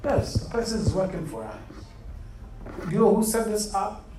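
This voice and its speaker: A very animated, high-sitting male voice at normal speed leads a youth group in Bible study, preaching interactively, quizzing earnestly, and calling everyone "beloved." The chair-filled room echoes, with a distant microphone and a faint hum.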